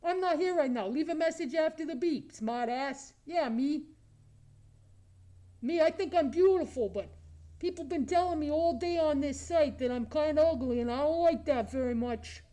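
A man's voice: extremely high pitch, normal speed, dark tone. A man voicing a crude, lonely, self-admiring male creature with razor teeth, taunting strangers in an improvised comedy video chat. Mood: mocking.

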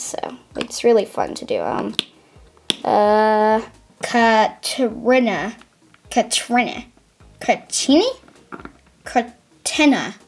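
Girl voicing a flippant goofy substitute teacher guy, slow and highish, toy skit. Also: creaky, darkish tone, a little hiss or hum, heavily acted. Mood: careless. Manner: dismissive, flippant, mocking. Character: erratic male substitute teacher, rude and careless.

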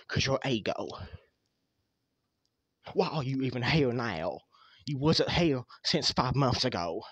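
A man's voice: mid-range voice, a bit bright, slightly rough, no echo. A man voicing a nagging, mocking male fox animatronic who needles and taunts the others in a fan machinima. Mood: scolding.

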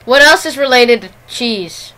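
High, bright-voiced girl gaming host. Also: animated, unhurried. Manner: giggly, playful banter. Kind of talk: casual chat while playing a game.

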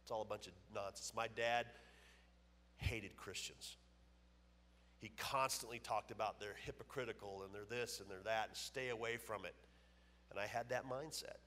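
A man's voice: lowish voice, normal speed, long pauses, sharp tone. Emphatic man telling his story in a reverberant hall. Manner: emphatic storyteller, acting out quoted dialogue. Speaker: guest speaker at a church. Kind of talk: personal testimony. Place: church auditorium. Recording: long reverb of a church hall.

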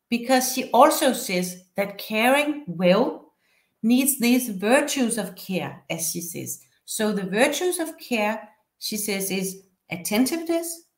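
Danish-accented woman lecturing in echoey room. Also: mid-range voice. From Denmark. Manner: measured, explanatory storytelling. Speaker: university professor and researcher. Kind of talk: academic lecture.

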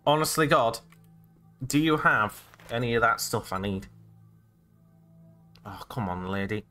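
Male let's-player; joking, exclamatory, lively pitch swings, bright tone. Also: a little slow, soft background music. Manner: jokey, rambling, exclamatory asides. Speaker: gaming let's-play host. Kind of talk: casual gameplay commentary.

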